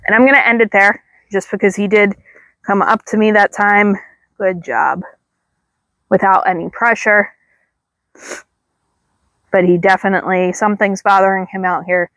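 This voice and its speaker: A woman dog trainer outdoors calmly explaining leash work, breaking into high, drawn-out praise for the dog. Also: no echo. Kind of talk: instructional dog training demo.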